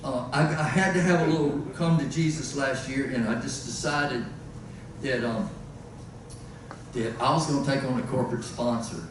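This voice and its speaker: A man's voice: mid-range voice, normal speed. A male singer-songwriter chatting with his audience between songs in a rambling, joking, self-deprecating way, heard in an echoey live venue from a distant mic with noise behind. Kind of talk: onstage banter between songs.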